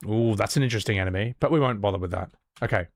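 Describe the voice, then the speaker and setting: A man's voice: on the low side, very fast, no echo, studio quality. A man streaming a game and voicing its characters, chatting casually, rambling, swearing freely and joking at his own expense. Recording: loud game music behind.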